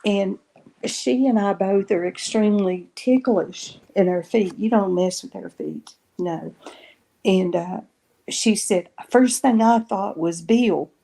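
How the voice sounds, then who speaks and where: A woman's voice: medium pitch, slow, mellow. A woman guest on a podcast, telling a personal story in a casual way and retelling each conversation line by line with many "I said" and "she says". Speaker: guest sharing paranormal experiences.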